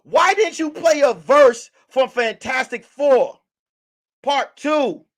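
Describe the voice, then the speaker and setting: A man vlogger delivering a loud, mocking comedic rant straight to camera. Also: extremely high pitch, slow pace.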